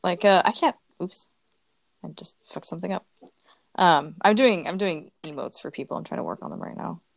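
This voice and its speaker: A woman's voice: lowish voice, normal speed, vocal fry, no echo. A young adult woman chatting casually, laughing often and swearing offhandedly. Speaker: streamer and artist. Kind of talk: casual chat.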